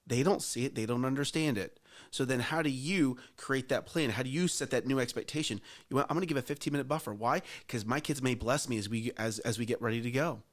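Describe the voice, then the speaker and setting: A man's voice: mid-range voice, brisk. A middle-aged man hosting a casual chat show, earnest and emphatic, challenging listeners directly. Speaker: host.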